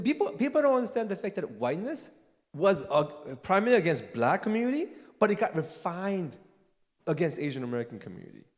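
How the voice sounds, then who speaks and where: A man answering an audience question at a church forum, animated, laughing often and tagging points with "right?". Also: high-pitched, long reverb tail. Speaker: guest speaker, theologian.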